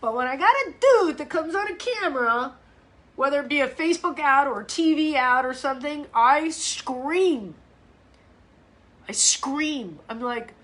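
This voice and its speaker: Chatting on her live stream, a middle-aged fitness coach keeps things casual, blunt and profane, animated and full of restarts. Her voice sits high and moves at a measured pace.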